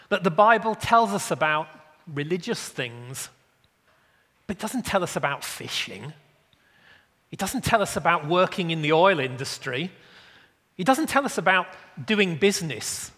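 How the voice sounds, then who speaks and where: A man's voice: high voice, pushed and bright, in a large hall. A man preaching a sermon, earnest and emphatic.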